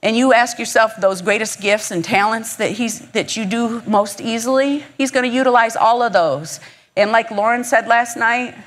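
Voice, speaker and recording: Woman, from Michigan, conference speaker, inspirational faith talk, heartfelt, encouraging, mid-range pitch. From Michigan, USA.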